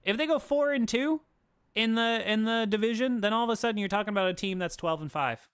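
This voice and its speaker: Male podcast co-host, high-pitched, animated ranting sports talk with plenty of swearing. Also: quick pace, clear, resonant tone. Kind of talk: casual sports chat.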